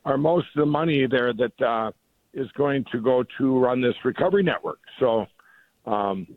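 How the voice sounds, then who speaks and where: A man's voice: mid-range voice, normal speed, no echo. Man, middle-aged, phone-in guest, rambling, eager, tinny phone sound. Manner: rambling, enthusiastic, many restarts. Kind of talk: phone-in radio interview. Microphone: phone line. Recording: tinny dry phone line.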